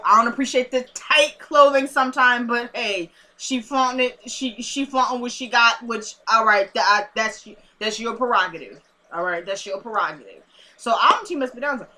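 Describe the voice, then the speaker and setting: A woman chatting through a TV episode review in a sassy, animated way. Her voice is bright and sits a little high, and she talks straight to her viewers. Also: moderate pace. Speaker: TV show reviewer. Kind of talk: casual vlog review chat.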